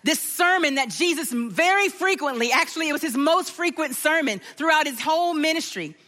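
A middle-aged woman preaching, her voice high and bright with a clear ring. She tells a personal story with animation and slips into the voices of the people in it. Her delivery is lively, as a sermon should be. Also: brisk.

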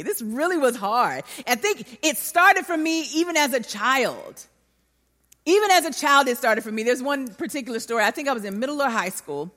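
A woman preaching a sermon, telling a personal story and acting out the voices of the people in it. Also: high-pitched. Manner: animated, acts out voices in her story. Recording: long hall reverb.

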